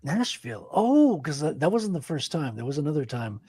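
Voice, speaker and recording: A French Canadian man in his forties hosting a relaxed podcast chat. He wanders through anecdotes in a gravelly, slightly husky voice set a little high. His voice sounds close and dry. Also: brisk, no echo. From Quebec, Canada. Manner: rambling anecdotal storyteller. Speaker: podcast host. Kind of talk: casual chat.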